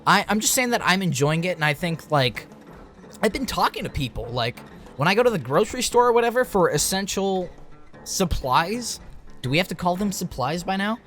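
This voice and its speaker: Young male reviewer, loose rambling rant delivery, voice a touch high. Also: animated, normal speed, fairly bright tone, soft background music. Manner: rambling, filler-heavy, restarts. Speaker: game reviewer. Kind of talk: rambling late-night vlog rant.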